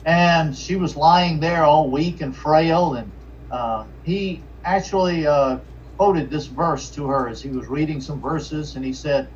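A man, a pastor from Richmond preaching an earnest sermon with halting restarts and fillers. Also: fairly high pitch. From Richmond, Virginia. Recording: distant, dull lo-fi mic with faint noise.

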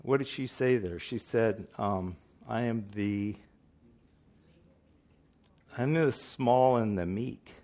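A man's voice: lowish voice, takes it slowly, long pauses, dark tone. A man preaching a sermon in earnest, emphatic style, asking his listeners questions.

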